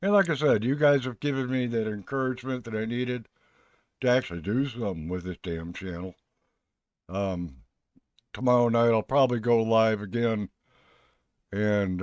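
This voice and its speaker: A man's voice: lowish voice, unhurried, pauses often, darkish tone, no room sound, dull audio. A man hosting a live stream, talking in a rambling, folksy, chatty way. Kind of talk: casual live stream chat.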